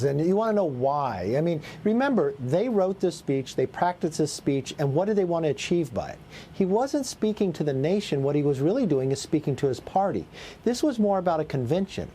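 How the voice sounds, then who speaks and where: A middle-aged man with a mellow, relaxed tone and a fairly high voice talks assertively as a news guest. He lists his points and repeats words as he goes. A faint hum of noise runs behind him. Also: fairly quick. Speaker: political guest. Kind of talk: cable news interview.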